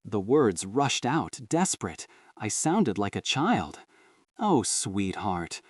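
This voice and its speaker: A man narrating a horror story in a dramatic, expressive way. His mid-pitched voice rises and falls with lively swings. The recording is dry, with the mic set a little back. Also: slow pace, no room sound, far from the mic.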